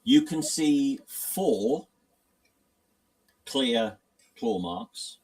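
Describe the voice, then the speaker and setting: A man's voice: fairly high pitch, animated, drawn-out words, vocal fry, darkish tone, recorded from a distance. A man running a tabletop horror game as game master, often hesitating and restarting sentences.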